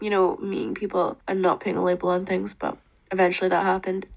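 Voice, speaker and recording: A woman's voice: mid-range voice, quick pace, creaky. A woman, co-hosting a podcast in candid casual chat. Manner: candid, expressive, swears casually. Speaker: podcast co-host.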